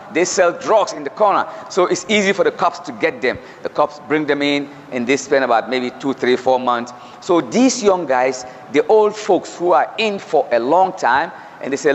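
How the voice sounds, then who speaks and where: Male preacher, chatty storyteller, muffled lo-fi sound with a faint hiss. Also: on the high side. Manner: conversational, anecdotal, with quoted dialogue. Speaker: Islamic preacher. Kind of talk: sermon with storytelling. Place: lecture hall. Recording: dull lo-fi hall reverb, faint noise.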